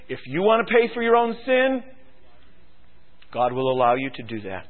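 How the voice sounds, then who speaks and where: A man preaching a sermon, swinging from quiet musing to loud, fervent exhortation and firing rhetorical questions at the congregation. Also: mid-range voice, sing-song, moderate pace, pauses often. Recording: tinny phone-like radio broadcast.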